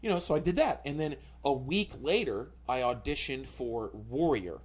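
A man's voice: mid-range voice, expressive, moderate pace, slightly rough. Rambling man telling a story. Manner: rambling, full of filler words. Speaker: comedian guest. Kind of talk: casual podcast storytelling.

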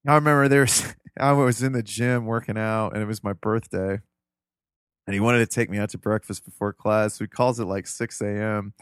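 A man's voice: on the low side, steady tone, fairly quick, clean tone, no room sound, studio quality. A man from Ohio, a podcast guest, telling family stories in a loose, earnest, rambling way. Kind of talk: casual interview storytelling.

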